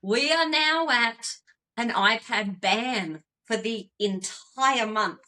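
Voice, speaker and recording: An Australian woman co-hosting a podcast over a video call, telling stories with lively, laughing energy. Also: a little high, takes it slowly. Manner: animated storytelling with laughs. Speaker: podcast co-host.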